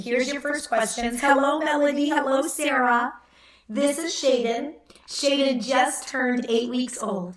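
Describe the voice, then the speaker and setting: A woman's voice: sits high, unhurried, far from the mic, heavy background noise. A woman in her thirties hosting a casual live stream from home, chatty and playful, cooing at her baby, recorded on a computer mic in an echoey room. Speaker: host.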